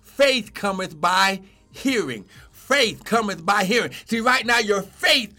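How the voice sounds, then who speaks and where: Fervent, shouting, high-voiced male pastor. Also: animated, takes it slowly. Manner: fervent preaching, often shouting, repeating "how glory". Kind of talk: livestreamed sermon.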